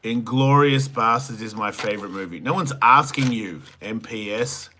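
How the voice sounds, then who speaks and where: Bright-toned joking male podcast host. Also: lowish voice, moderate pace, slight background noise. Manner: crude joking banter, trailing into mumbles. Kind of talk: solo livestream reading and answering viewer chats.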